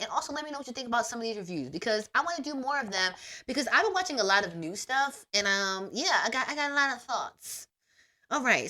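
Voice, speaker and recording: Woman, podcast host, casual slang, emphatic, swooping pitch, young adult. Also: pushed and bright. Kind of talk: casual podcast monologue reviewing a series.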